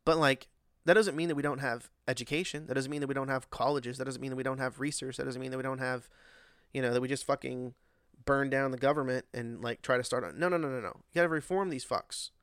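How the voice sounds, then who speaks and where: Profane rambling man with a gravelly voice. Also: mid-range voice, fast, fairly bright tone, dry recording, clean studio sound. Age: adult, working. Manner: profane, rambling, exasperated, lots of fillers. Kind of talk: casual monologue rant.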